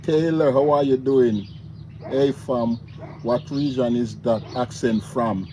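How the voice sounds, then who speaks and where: A man's voice: mid-range voice, slow pace, warm tone, slight background noise. A man with a Jamaican accent hosting a casual livestream, greeting viewers by name and laughing easily. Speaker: livestream host. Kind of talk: casual live chat reading viewer comments.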